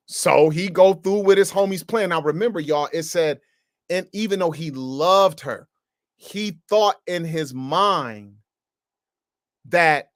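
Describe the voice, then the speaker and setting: A man teaching the Bible, slangy and emphatic, his voice a bit high. He pushes hard on key words. The sound is dry and close. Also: slow pace, a bit bright, no echo.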